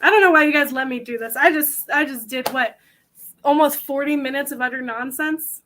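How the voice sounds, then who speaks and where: A woman's voice: sits high, fairly quick, fairly bright tone, a little hiss or hum. A young woman hosting a convention panel, chatting casually to the audience in a rambling, self-mocking way.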